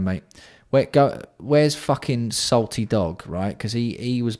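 A man hosting a casual livestream, bantering with chat and swearing freely while keeping his voice fairly hushed. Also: low voice. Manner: banter-filled, sweary, reads out and answers chat. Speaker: livestream host.

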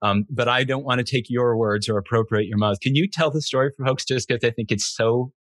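Halting, chatty male host, dry sound. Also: mid-range voice, no echo. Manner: warm, halting, full of restarts and laughs. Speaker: podcast host. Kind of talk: casual interview.

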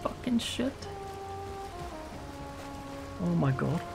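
Male streamer, a little high-pitched, jumpy and foul-mouthed, faint music behind. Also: moderate pace, vocal fry. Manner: excitable, swears a lot, jumpy. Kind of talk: casual gameplay commentary.

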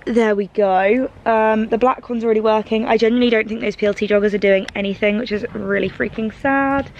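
A young British woman talks casually to camera in her home kitchen, chatty and self-mocking as she narrates what she is cooking. Her voice sits a little high, with a faint hiss of noise behind it. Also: steady tone, brisk, dull audio. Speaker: vlogger. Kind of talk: casual vlog chat.

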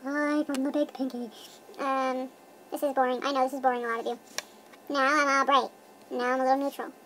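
Squeaky chipmunk-filtered young woman vlogging. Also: flat delivery, fast, a bit bright, slight background noise. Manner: giddy, goofy, self-mocking rambling. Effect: chipmunk pitch-up voice filter. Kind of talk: casual rambling vlog. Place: her bedroom.

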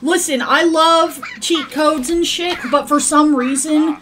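A gaming channel host with a high, steady, slightly bright voice talks slowly over slight background noise. She gives casual, rambling gameplay commentary, chatty and swearing freely as she plays.

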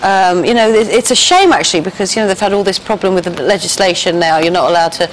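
A woman's voice: lowish voice, fast talker, slight background noise, rough recording. A woman in her forties with a London accent, a guest on a talk show, answering in a hesitant way with many ums and restarts. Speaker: actress guest.

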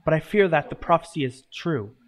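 A man voicing a worried young goddess, speaking higher and anxiously. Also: animated, a little fast, close to an everyday voice.

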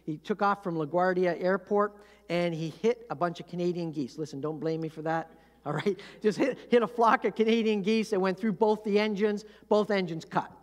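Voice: medium pitch, moderate pace, big-room sound. A pastor giving a conversational sermon, telling a story and often asking the congregation questions. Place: church sanctuary.

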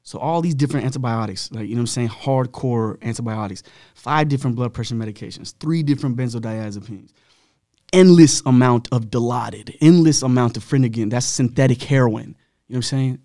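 A man's voice: medium pitch, brisk, mellow, no room sound, clean studio sound. A man as a podcast guest, telling his own story in a candid, blunt way, full of slang and swearing.

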